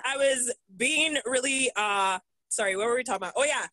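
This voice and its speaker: Young woman, podcast guest, animated profane storytelling, slightly high voice, dry close sound. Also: moderate pace, dry recording, poor audio. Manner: animated, profane, laughs often. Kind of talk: casual storytelling chat.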